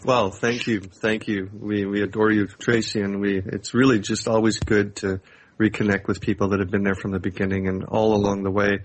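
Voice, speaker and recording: A man's voice: lowish voice, little pitch movement, normal speed. A man co-hosting a talk show, thanking a caller and steering the conversation with questions. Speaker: co-host. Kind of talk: casual chat.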